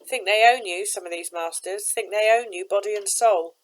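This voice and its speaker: A woman voicing a kindly boatman with a strange accent, speaking gently and reassuringly in a storybook reading. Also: medium pitch, moderate pace, a little hiss or hum, pitched above the performer's own voice, natural voice, poor audio.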